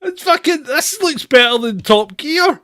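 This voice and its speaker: A man's voice: extremely high pitch, lively intonation, measured pace, sharp tone. A man hosting a casual commentary chat, laughing often and swearing freely. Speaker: host.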